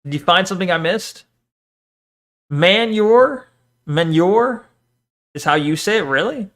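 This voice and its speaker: A man's voice: on the high side, fast talker, pushed and bright. A man streaming and chatting casually, reading chat, swearing often and rambling between topics.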